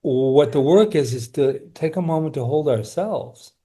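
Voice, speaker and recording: A man speaking as an interview guest who leads workshops, talking reflectively and earnestly, often slowing down and going quiet. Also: a little high.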